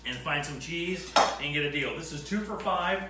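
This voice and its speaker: Brief: male cooking-show host, playful and mock-offended, in a roomy kitchen with steady background noise. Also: a little high, moderate pace. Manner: joking, mock-indignant banter while cooking. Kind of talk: casual cooking demonstration.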